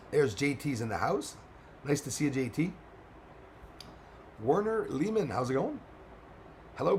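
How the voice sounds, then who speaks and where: A man with a hoarse, strained voice, casually chatting and greeting viewers on a live stream. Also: medium pitch, slight background noise.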